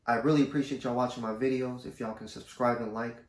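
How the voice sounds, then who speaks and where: A man telling a personal story to camera in a casual, slangy, low-key way. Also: fairly even intonation, fast. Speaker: vlogger. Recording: roomy echo.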